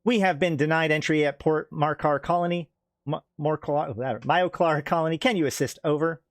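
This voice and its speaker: Brief: a man reads a tense male captain barking mayday calls, higher than his own voice. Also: brisk, no room sound, clean studio sound, lightly acted. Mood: urgent. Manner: urgent, clipped radio calls.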